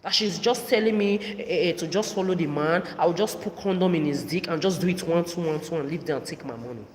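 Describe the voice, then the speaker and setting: A woman's voice: lowish voice, brisk, crowd noise. A woman in her thirties delivering an angry, profane, accusatory solo monologue as a podcast host. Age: 30s. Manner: furious, profane, accusatory ranting. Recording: reverberant room, faint background noise.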